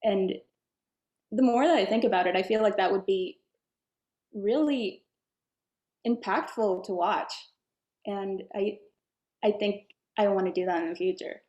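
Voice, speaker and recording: A woman's voice: mid-range voice, unhurried, pauses often, a little mellow, highs cut off. A woman answering interview questions as an actress, in an earnest and enthusiastic way. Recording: echoey room.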